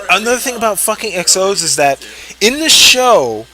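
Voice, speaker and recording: Casual profane rant from a high-pitched guy, worn out, stumbles and restarts a lot. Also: big pitch swings, moderate pace, sharp tone, low-quality recording. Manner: profane, exasperated, rambling with many restarts. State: tired late at night. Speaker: board game player ranting. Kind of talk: casual ranting commentary.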